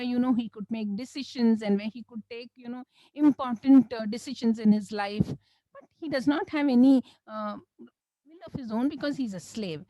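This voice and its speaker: A woman from South India, telling a religious story as a lecturer in an animated way, often saying "you know" and devotional phrases. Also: a little high, dry recording, rough recording. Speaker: Islamic lecturer.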